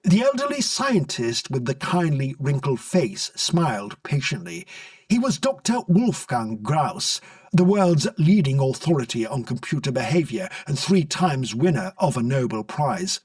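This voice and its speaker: A man narrating a comic story in an expressive storybook reading, recorded dry from a distance. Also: medium pitch, measured pace, no room sound.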